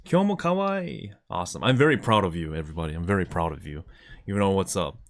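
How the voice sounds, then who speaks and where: A man's voice: low-pitched, fast talker. A man chatting casually on a live stream, enthusiastically showing items to the camera.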